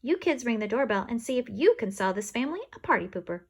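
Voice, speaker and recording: A woman's voice: a little high, quick pace, breathy edge, heavily acted. Woman doing a cheery inventor grandma. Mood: cheerful. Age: older. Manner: bright, encouraging, excited.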